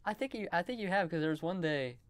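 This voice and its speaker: A man's voice: sits high, lively intonation, quick pace, over a noisy crowd. A young man, hosting a casual podcast chat, joking and laughing often. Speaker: podcast host.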